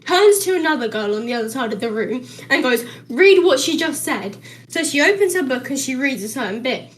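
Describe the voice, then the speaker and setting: A woman's voice: high voice, fast. A teenage girl telling a school story on a casual podcast, acting out the dialogue and laughing as she goes. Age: teens. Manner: animated, acts out the dialogue, laughs through the story. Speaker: podcast co-host.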